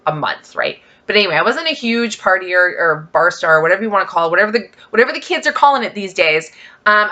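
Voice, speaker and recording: A woman's voice: medium pitch, pushed and bright. A woman talking casually in a vlog, telling stories in a chatty way with lots of fillers and emphatic asides. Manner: chatty storytelling, many fillers. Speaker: vlogger.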